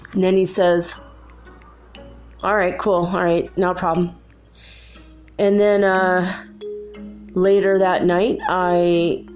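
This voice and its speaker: A woman's voice: on the low side, a little mellow. Chatty woman telling a ghost story. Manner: chatty, acts out quoted dialogue. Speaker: podcast host. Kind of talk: casual personal ghost story.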